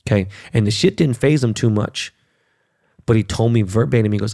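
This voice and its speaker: A man's voice: lowish voice, a little fast, vocal fry, darkish tone, no echo, studio quality. A middle-aged man hosting a podcast, ranting in a casual, profane and emphatic way. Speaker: podcast host. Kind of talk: casual monologue.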